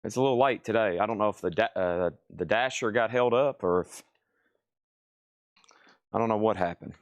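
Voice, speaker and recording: A man's voice: fairly low pitch, moderate pace, dry recording. A man hosting a live record sale, chatting casually and joking while he eats. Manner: laid-back, chatty, joking while eating. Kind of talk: casual live-stream chat.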